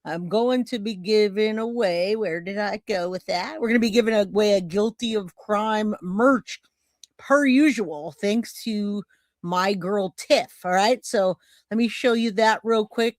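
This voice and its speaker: A woman's voice: mid-range voice, no echo, clean studio sound. A woman hosting a casual live stream, chatting and rambling as she greets viewers by name. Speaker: livestream host.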